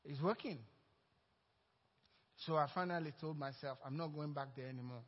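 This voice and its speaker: A man's voice: a little high, moderate pace, big-room sound, lo-fi sound. A Nigerian-accented man preaching a sermon, telling a personal story and acting out the dialogue. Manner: storytelling, acting out quoted dialogue, growing louder and more excited. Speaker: pastor.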